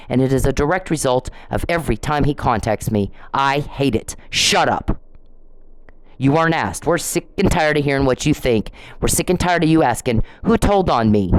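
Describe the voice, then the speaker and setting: An extremely low-voiced woman vlogger lashes out directly at the camera in a profane, scolding rant, stumbling and restarting when she gets worked up. The recording is dry and of low quality.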